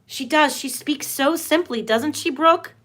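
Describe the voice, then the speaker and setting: A woman's voice: high voice, measured pace, fairly bright tone. Emphatic rambling woman livestreaming. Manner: rambling, repeats herself, restarts often; earnest and emphatic. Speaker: tarot and astrology livestream host. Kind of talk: casual livestream talk.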